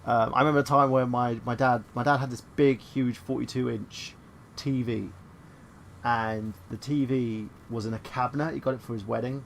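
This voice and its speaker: A man's voice: medium pitch, fairly even intonation, normal speed, gravelly. A man co-hosting a casual podcast chat who rambles, stammers and reads chat comments aloud. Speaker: podcast co-host.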